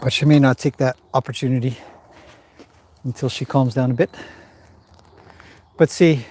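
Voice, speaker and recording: A man giving calm livestream commentary while training a horse in an indoor arena, talking to the horse and his viewers in turn. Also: medium pitch, normal speed, slight background noise.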